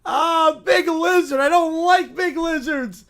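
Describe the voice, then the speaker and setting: A man's voice: extremely high pitch, slow, a bit bright, voice pushed up, heavily acted. A man voicing a whiny, spoiled little boy who complains and pleads. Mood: whining. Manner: whining, pleading.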